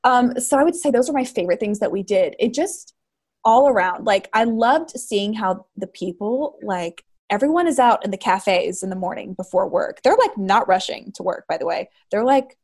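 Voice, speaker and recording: A bubbly woman in her thirties tells her stories in a lively, chatty way, with a voice of ordinary height for a woman. She fills her talk with "like". Her delivery is animated and warm with enthusiasm. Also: medium pitch, moderate pace. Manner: bubbly, lively storyteller, frequent "like". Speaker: guest, cheese shop owner. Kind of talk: casual chat.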